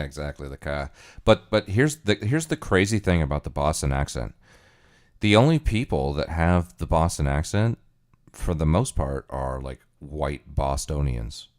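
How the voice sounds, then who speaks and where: A man with a very low voice hosts a casual livestream. He rambles loosely and muses out loud as he works through his thoughts, often circling back to restate a point. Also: lively intonation, normal speed. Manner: musing, rambling, thinking aloud. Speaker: livestream host.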